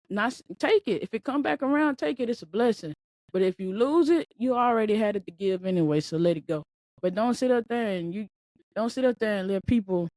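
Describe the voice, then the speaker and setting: A woman hosting a podcast as a mindset speaker, talking in a blunt, colloquial, animated way with frequent repeats and the odd swear word. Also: medium pitch, no room sound. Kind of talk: casual motivational monologue. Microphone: podcast microphone.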